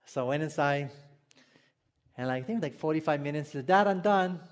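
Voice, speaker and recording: A man's voice: fairly high pitch, level tone, brisk, clean tone. A man from Hawaii with a Hawaiian accent, a pastor preaching a sermon in a storytelling way, often asking the congregation questions and laughing at his own jokes.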